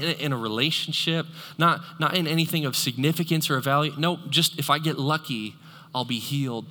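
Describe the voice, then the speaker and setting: A male pastor preaching a sermon in a church, animated and conversational, joking with the congregation. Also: on the high side. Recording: long echoey hall reverb.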